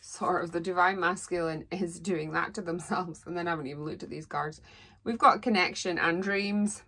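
Woman, psychic tarot reading, earnest and rambling, lowish bright voice. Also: steady tone, normal speed. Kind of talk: solo tarot reading monologue.

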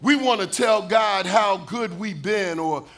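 Pastor, male, high bright voice, preaching with call-and-response, rising to shouts and sung lines. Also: measured pace, faint music behind. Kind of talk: sermon.

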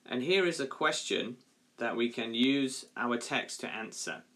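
A male primary school teacher reading a story aloud to his class in a clear, measured way. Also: medium pitch, animated, sharp tone.

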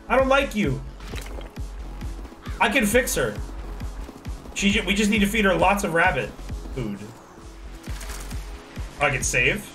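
Excitable high-voiced male game streamer. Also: moderate pace, pauses often, far from the mic, soft background music. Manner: excitable, laughing, swearing, shouting at the game. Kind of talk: casual gameplay commentary.

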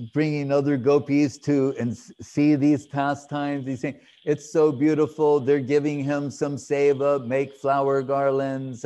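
A man giving a devotional lecture, telling a sacred story in a slow, reflective way with pauses and fillers. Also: mid-range voice, dark tone. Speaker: speaker giving a spiritual talk.

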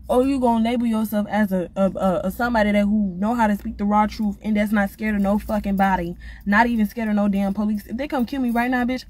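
Vlogger, woman, profane, fiery rant, higher-pitched, faint room hiss. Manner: blunt, profane, animated ranting. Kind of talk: casual rant to camera.

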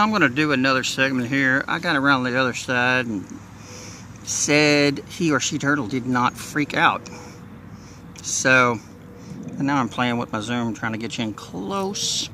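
A folksy Southern man from Texas, rambling along to his viewers while filming outside. His voice is bright and forward. Faint outdoor ambience runs behind him. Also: medium pitch, a little hiss or hum. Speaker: nature vlogger. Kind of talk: casual outdoor vlog narration. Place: outdoors in marsh near a bridge.

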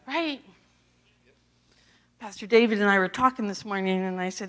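Casting note: female associate pastor, American, chatty sermon storytelling, slightly high voice. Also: moderate pace, long pauses, a bit bright. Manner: conversational storytelling, acts out dialogue.

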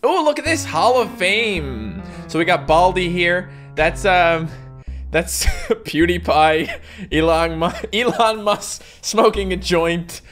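A man doing jokey, excitable commentary while playing a video game, laughing often. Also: high voice, slow pace, faint music behind. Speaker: gaming YouTuber. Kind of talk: let's-play commentary.

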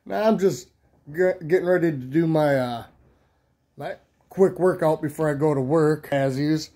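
A man's voice: fairly high pitch, normal speed, mellow. A man ranting crudely to camera in a rowdy, rambling comedic vlog. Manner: rowdy, profane, rambling storytelling. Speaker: vlogger.

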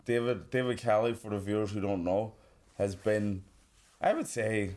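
A man's voice: lowish voice, animated, normal speed, a little mellow. Swearing Northern Irish man, chatty. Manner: swears freely, laughs often. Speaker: podcast co-host. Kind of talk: casual chat.

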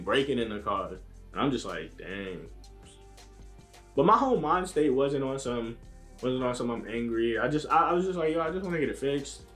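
Laid-back young man telling a story. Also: on the high side. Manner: laid-back slang-heavy storytelling, acting out quotes. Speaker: vlogger. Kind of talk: casual story time.

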